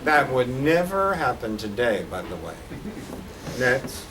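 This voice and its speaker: An older guest artist gives a slide-show lecture about his posters in a college lecture hall, his humor dry and wry. His medium-pitched voice is slow and sing-song, picked up by a distant mic with faint background noise.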